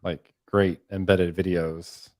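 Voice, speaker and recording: A man's voice: low-pitched, little pitch movement, slow, a little mellow, dry recording, clean studio sound. A man hosting a live stream, chatting casually and rambling with frequent "um"s and "like"s. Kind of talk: casual chat.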